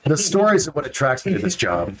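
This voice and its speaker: A man, a comedian, telling road stories in a lively casual interview. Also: mid-range voice, a little fast, a crowd in the background. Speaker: guest comedian. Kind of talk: casual chat.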